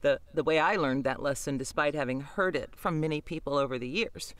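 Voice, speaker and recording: A man's voice: a little high, a little fast, a bit bright, smooth, no echo. A man co-hosting a podcast, talking casually about narrating audiobooks in a blunt, wry, profane way. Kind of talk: casual chat.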